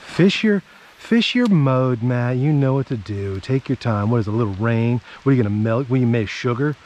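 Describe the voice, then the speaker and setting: Excitable man fishing a creek. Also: medium pitch, brisk, lo-fi sound, a little hiss or hum. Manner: excitable, talks to himself and viewers. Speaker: fishing vlogger. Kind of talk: casual outdoor fishing commentary. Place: creek bank outdoors.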